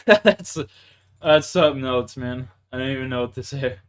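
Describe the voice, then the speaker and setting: A young man from Canada chats casually with viewers during a live gaming stream, frequently laughing, swearing, and making fun of himself; he calls them bro and dude and mutters to himself as he plays. His voice is medium-pitched, at normal speed, with a fairly bright, clean tone.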